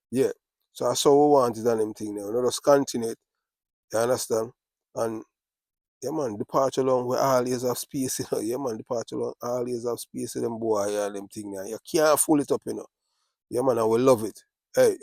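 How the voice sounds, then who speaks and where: A man's voice: medium pitch, gravelly, a little mellow, no room sound, clean studio sound. A man with a Jamaican accent, talking in a casual monologue with repetitive, boastful, patois-laced street talk.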